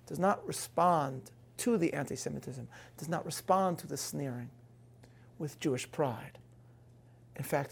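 A man's voice: on the high side, creaky, darkish tone. A man giving a prepared talk on faith to an audience, earnest and building emphasis, with a few self-deprecating asides.

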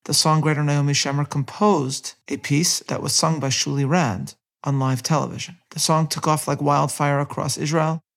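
A man hosting a podcast, reading a measured scripted narration and quoting passages aloud. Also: a little high, vocal fry. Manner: measured, reads quotes aloud with light character inflection. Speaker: podcast host.

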